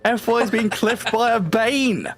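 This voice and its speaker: A man doing fast, lively play-by-play commentary on an esports match. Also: very high voice, crowd noise. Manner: quick, lively play-by-play calls. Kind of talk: live game commentary.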